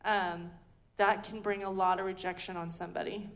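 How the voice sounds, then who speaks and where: A woman's voice: medium pitch, flat delivery, moderate pace. A woman giving a conversational teaching talk at a ministry school, chatty and full of ums and restarts. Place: indoor teaching hall.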